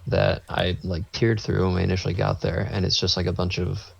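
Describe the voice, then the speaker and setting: A man's voice: low-pitched, completely flat delivery, fairly quick, creaky. A man co-hosting a podcast, telling a rambling anecdote in casual chat and acting out what people said. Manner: rambling anecdote, acts out quotes. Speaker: podcast co-host. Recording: dull lo-fi sound.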